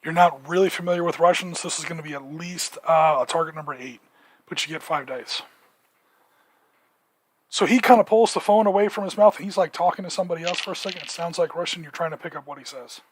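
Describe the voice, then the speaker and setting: High-voiced male game master. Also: fast talker, husky, dry recording. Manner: relaxed, many fillers, explains rules. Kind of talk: narrating a tabletop game.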